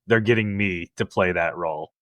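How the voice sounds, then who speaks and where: A man co-hosting a movie podcast in casual chat, playful and quick to laugh. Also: low-pitched, fairly bright tone, no echo. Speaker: podcast co-host.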